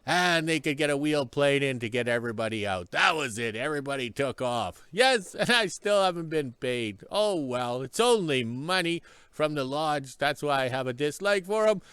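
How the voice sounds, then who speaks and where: A man's voice: fairly high pitch, expressive, moderate pace, hardly any pauses, a bit bright, clean tone, no echo. A man telling a story in a casual vlog, chatty and stopping often for an emphatic "yes". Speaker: vlogger.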